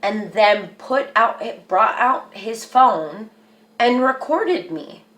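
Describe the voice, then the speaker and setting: Slow-talking woman in an echoey room. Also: a little high, animated, a bit bright. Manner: rambling, earnest, says "like" a lot. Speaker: vlogger. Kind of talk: personal storytelling to camera.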